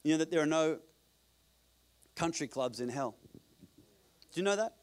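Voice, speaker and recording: A man preaching a sermon as pastor at a church service, swinging between loud emphatic passages and quiet low asides. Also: expressive, moderate pace.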